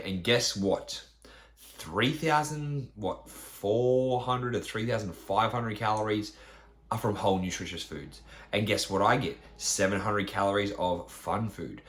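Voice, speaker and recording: A man's voice: fairly low pitch, measured pace, fairly bright tone. A man, a fitness trainer, ranting bluntly on his podcast with lots of swearing and rhetorical questions.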